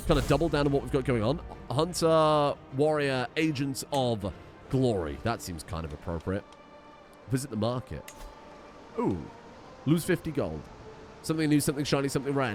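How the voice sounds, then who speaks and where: A man casually commenting on a strategy game, thinking aloud and reading the game's text. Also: mid-range voice. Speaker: gaming video host.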